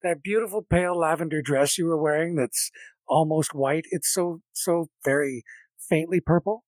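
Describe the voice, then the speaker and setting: A man's voice: a little high, moderate pace, a little mellow, no echo. A man narrating a tabletop game as game master in a casual, jokey, rambling way.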